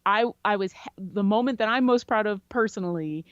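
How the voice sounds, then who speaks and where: A woman guest on a podcast, chatty and animated as she tells a story about a game. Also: medium pitch, brisk, smooth, dry recording. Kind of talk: casual storytelling interview. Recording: dry, slightly dull lo-fi sound.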